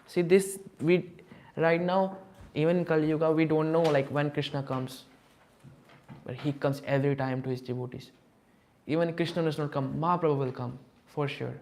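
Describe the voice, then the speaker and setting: A man with a somewhat high voice gives a scripture class. He tells the stories lively and acts out each character as he goes. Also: moderate pace. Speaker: class speaker.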